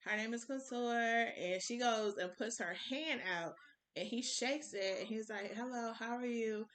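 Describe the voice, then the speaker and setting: A young woman vlogger telling a story in casual chat, animated and acting out the voices of people she quotes. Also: on the high side, measured pace. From Ohio. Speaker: vlogger, cupcake business owner.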